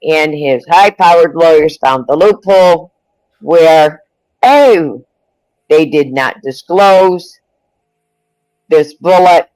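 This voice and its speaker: A man's voice: fairly high pitch, no echo, poor audio. A man co-hosting a live panel show, speaking bluntly and matter-of-factly in casual chat. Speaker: podcast co-host.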